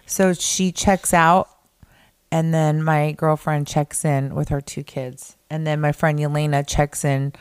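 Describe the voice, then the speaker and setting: Deep-voiced gossipy woman co-host, dry mic. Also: level tone, a little slow, clean tone, no room sound. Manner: gossipy, breaks into high-pitched quoted voices. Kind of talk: casual podcast chat.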